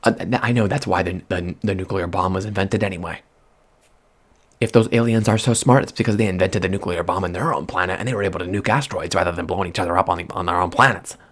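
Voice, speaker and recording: A man rambling in soft-spoken ASMR chat at a close microphone, drifting from hushed murmurs to excited outbursts. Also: low voice, fast talker. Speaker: vlogger.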